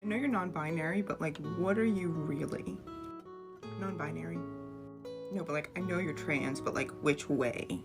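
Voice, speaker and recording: A woman playing a comedy sketch, answering questions with dry deadpan comebacks. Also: low-pitched, normal speed, hardly any pauses. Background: background music.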